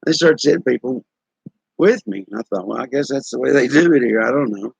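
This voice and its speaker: A man's voice: mid-range voice, expressive, fairly quick, vocal fry, slightly rough, no echo, low-quality recording. A man in his sixties from Tennessee with a Southern accent, casually telling folksy stories to his stream viewers. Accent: East Tennessee Southern. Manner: drawling, folksy, chuckling storyteller. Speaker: live stream host. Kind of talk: casual storytelling to chat viewers.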